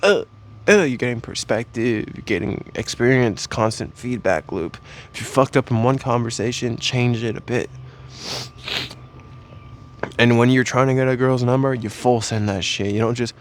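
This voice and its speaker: A man's voice: mid-range voice, moderate pace. A young man rambling in a crude, joking way while vlogging, with lots of fillers. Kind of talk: casual comedic vlog.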